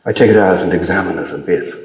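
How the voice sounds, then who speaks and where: A man reading his own literary story aloud in a measured, dry manner. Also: deep voice, a little mellow, roomy sound, poor audio. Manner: measured, dry storytelling with brief lifts for quoted dialogue.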